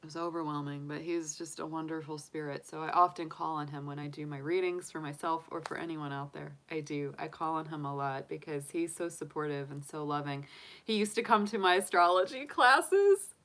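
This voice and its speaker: A woman's voice: low-pitched, brisk, a bit bright, slight background noise. A woman, hosting a tarot live stream, chatting openly and emotionally with viewers and laughing often. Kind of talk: casual live-stream chat.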